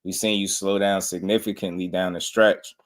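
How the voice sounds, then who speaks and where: A man's voice: sits low, level tone, normal speed. A man hosting a boxing talk show, chatting in a casual, slangy way and often laughing. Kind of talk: casual commentary.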